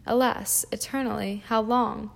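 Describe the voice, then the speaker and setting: A woman reading the lines of a troubled pastor's wife in a storybook, asking soft, pleading questions in a creaky, level voice. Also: on the high side, steady tone, unhurried.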